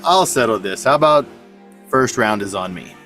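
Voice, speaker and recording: A man's voice: fairly low pitch, lively intonation, moderate pace, pushed and bright, soft background music. A man playing a tabletop game, easygoing and settling disputes. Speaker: player. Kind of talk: tabletop role-play chat.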